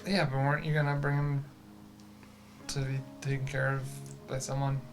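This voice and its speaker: A player in a tabletop game speaks casually and offhandedly, with frequent laughs. The voice sits mid-range in pitch. Music plays clearly in the background. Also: little pitch movement, moderate pace. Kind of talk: playing a character in a tabletop game.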